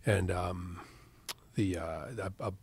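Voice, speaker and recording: A man's voice: deep voice, flat delivery, slow, a little mellow, slightly rough. A man speaking as a podcast guest, recounting events steadily with frequent fillers. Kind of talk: casual interview talk.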